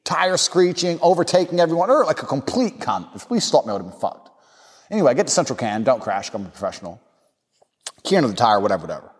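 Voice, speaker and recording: A man's voice: mid-range voice, big pitch swings, quick pace, long reverb tail. A man hosting a podcast, telling a casual story bluntly and crudely, breaking into impressions. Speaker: podcast host. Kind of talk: casual anecdote.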